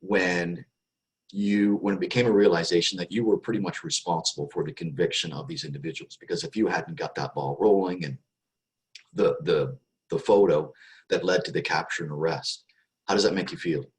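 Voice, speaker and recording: A man with a very low, deep voice hosts an interview. He asks his questions loosely and conversationally. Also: fairly quick, rough recording. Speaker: interview host.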